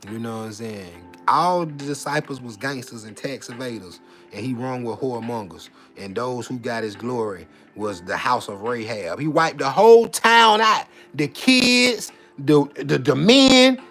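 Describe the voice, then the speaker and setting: Guy on a vlog rant, kinda high voice, goes loud then mutters to himself, keeps saying you know what i'm saying, faint music behind. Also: gravelly. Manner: swings between loud preaching and muttered asides. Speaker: vlogger. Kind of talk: casual preachy monologue.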